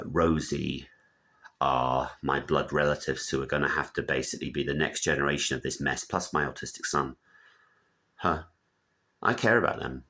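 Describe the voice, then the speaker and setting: Blunt rambling man, deep lively voice. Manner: opinionated, digressive, blunt. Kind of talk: casual rambling monologue.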